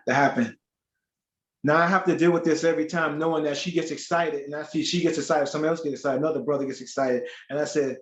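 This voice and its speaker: A man with a somewhat high voice tells a personal story in lively, casual panel talk, acting out the dialogue. The room is echoey, and the recording sounds dull and lo-fi. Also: fast talker. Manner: animated storytelling with acted quotes. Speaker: panel guest.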